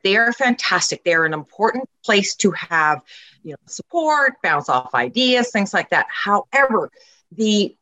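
A woman's voice: mid-range voice, a bit bright, dry recording. A middle-aged woman talking casually and emphatically as a parenting coach, acting out the lines she quotes. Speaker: podcast guest, parenting coach. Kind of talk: casual conversation.

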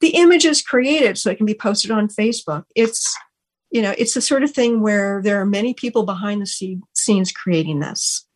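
A woman's voice: mid-range voice, moderate pace. A woman hosting a radio talk show, thanking her team in an earnest, gushing way with many restarts. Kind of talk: heartfelt on-air thank-yous.

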